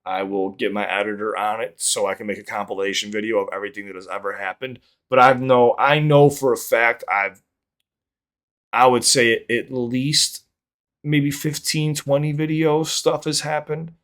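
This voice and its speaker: A man's voice: mid-range voice, steady tone, moderate pace, fairly bright tone. A man telling stories casually from his home office, rambling and swearing, with lots of fillers and restarts. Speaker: YouTube content creator. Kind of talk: casual storytelling to camera.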